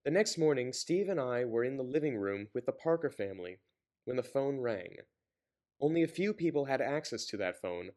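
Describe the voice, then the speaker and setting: A man's voice: mid-range voice, expressive, normal speed, a little mellow. Man reading aloud with sarcastic asides. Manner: stumbles and corrects himself, sarcastic asides. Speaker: reader and commentator. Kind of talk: reading a novel aloud with commentary.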